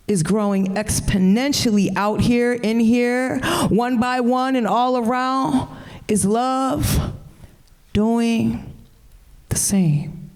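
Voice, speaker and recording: A woman's voice: on the high side, a little mellow. A woman poet performing spoken-word verse at a live event, with a rhythmic, chant-like delivery that breaks into loose, profane banter. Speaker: poet and co-editor.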